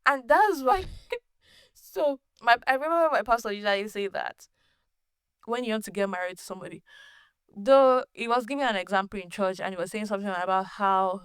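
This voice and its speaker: A woman hosting her own podcast, telling a personal story in a casual, animated way, laughing often and restarting sentences. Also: mid-range voice, fast, smooth, dry recording, clean studio sound. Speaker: podcast host.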